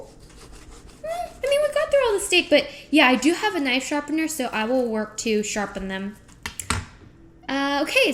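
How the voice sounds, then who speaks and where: A woman streaming live from her kitchen as she cooks, chatting playfully with her viewers, reading their messages aloud and trading puns with them. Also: high-pitched. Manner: playful, punning, reads chat aloud and answers it. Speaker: livestreamer. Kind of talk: live cooking stream chat. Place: home kitchen.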